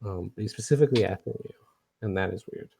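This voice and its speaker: A man running a tabletop game as game master, describing scenes in a relaxed, hesitant way. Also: on the low side, fast talker, gravelly, breathy edge. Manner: relaxed, hesitant, many fillers.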